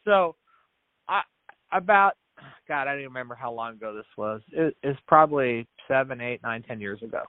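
This founder, guesting on a podcast, has a medium-pitched voice with lively intonation and speaks a little fast. Earnest in his storytelling, he performs the dialogue he quotes, often restarting and doubling back on words. The interview comes through a dry, tinny, phone-like line without echo.

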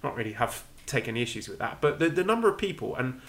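A man's voice: medium pitch, sing-song, fast. An English man co-hosting a podcast in casual chat, chatty and self-deprecating, restarting his sentences often. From England. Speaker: podcast co-host.

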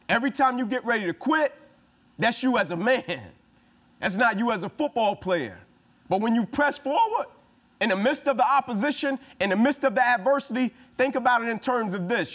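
High-voiced, fired-up motivational speaker man. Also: a bit bright. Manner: preachy, punchy and emphatic, repeating phrases. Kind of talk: motivational speech to a football team.

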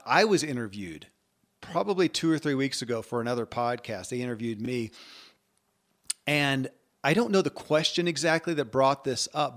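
A man's voice: mid-range voice, a bit bright. A man in his forties hosting a podcast, talking in an earnest, conversational way with frequent restarts. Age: 40s. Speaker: podcast host. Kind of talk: podcast monologue and interview.

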